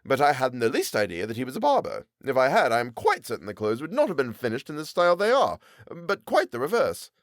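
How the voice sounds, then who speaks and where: A man's voice: mid-range voice, wildly swooping pitch, fast talker, hardly any pauses, dry recording, clean studio sound, pitched above the performer's own voice. A man doing a blustering gossipy tailor. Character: boastful chatty male tailor. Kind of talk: audiobook character voice.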